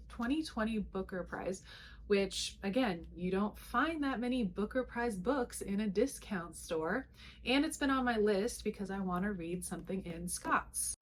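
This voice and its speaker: A woman's voice: mid-range voice, slight background noise. A young woman chatting casually as she shows books to the camera, with lots of fillers and asides. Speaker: booktuber. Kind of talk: casual vlog chat.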